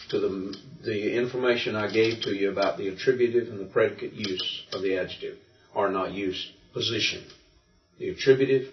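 A man with a low voice lectures a grammar class, working through each point patiently and filling pauses with "uh" and "um". He sounds far from the microphone, in an echoey room. The recording is dull and lo-fi. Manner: relaxed, explaining step by step with fillers. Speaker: Greek teacher. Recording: distant, roomy, dull lo-fi recording.

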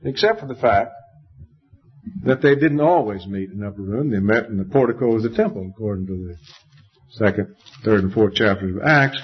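A man preaching a sermon, emphatic, his voice jumping up in pitch to stress each point. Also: moderate pace, husky. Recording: dull lo-fi recording.

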